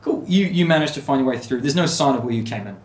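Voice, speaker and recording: A man running a tabletop game as game master, narrating scenes in a relaxed way with fillers. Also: mid-range voice, fast. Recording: echoey room.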